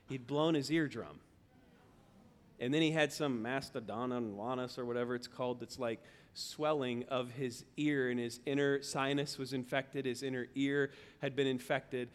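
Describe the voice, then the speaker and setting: Guy preaching, kinda high voice, goes from yelling to real quiet, big echoey church. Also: moderate pace. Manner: animated storytelling, shouting in retold anger, hushed in remorse. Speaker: pastor. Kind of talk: sermon. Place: church sanctuary. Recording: reverberant church hall.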